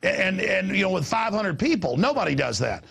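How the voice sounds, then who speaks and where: A man hosting a show, talking in a rambling, animated way, stammering and repeating words. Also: high-pitched, normal speed, gravelly, slightly rough. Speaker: host. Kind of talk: rambling on-air chat. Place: studio in Austin.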